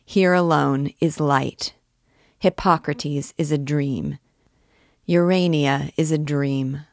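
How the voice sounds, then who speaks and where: A fiery, proud archdeacon holds forth in grand declaiming tones, as a woman reads him aloud. The voice sits low and moves slowly and deliberately, recorded close and dry with no room sound. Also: steady tone, dry recording. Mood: fervent. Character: fiery, proud male archdeacon alchemist, middle-aged.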